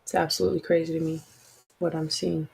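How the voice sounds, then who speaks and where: A woman's voice: low-pitched, flat delivery, fast talker, vocal fry, a little mellow, slightly rough, poor audio. A woman hosting a casual livestream, talking frankly and chattily with apologetic asides to her listeners. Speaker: podcast host.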